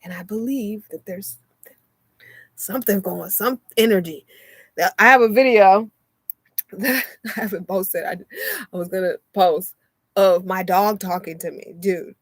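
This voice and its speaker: A woman's voice: medium pitch, moderate pace, long pauses, no echo. Chatty young woman with a dry sound. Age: young adult. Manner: chatty and animated, laughs often, acts out voices in anecdotes. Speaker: vlogger and oracle card reader. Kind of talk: casual live-stream chat. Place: inside a motorhome.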